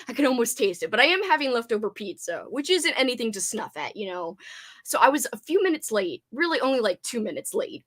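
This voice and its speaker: A bubbly woman hosting a casual livestream, greeting her viewers one by one with playful, sing-song hellos. Her voice sits high and swoops up and down constantly as she chats. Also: big pitch swings, fairly quick, a bit bright. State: slightly out of breath after exercise. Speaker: livestream host.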